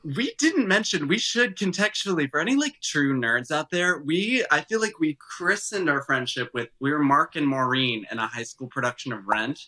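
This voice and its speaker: A young man guesting on a podcast, campy and playful, with quick banter. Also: a little high, animated, bright, forceful tone, low-quality recording. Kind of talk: casual chat.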